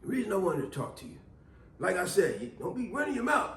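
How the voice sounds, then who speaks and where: A man voicing an old male co-worker who talks low and quietly, as if sharing a secret. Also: very animated, fast, reverberant, heavily acted. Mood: confiding. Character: old male Italian co-worker, hushed and confiding.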